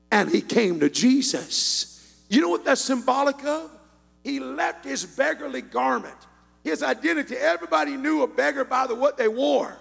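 A man preaching a sermon in a church, swinging from quiet storytelling into shouted, sing-song exhortation. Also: extremely high pitch, expressive, moderate pace, vocal fry, in a large hall, soft background music. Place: church sanctuary.

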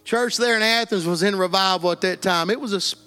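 Man, east texas accent, very high voice, earnest plainspoken testimony, faint music underneath. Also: fast, sharp tone, clean tone. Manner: earnest, plainspoken Southern storytelling. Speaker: guest giving testimony. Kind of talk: emotional personal testimony.

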